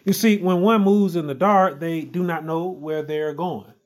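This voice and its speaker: A man preaching a sermon, emphatic and repetitive, building stress on key phrases. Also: a little high. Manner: slow, emphatic, repeats phrases with rising stress.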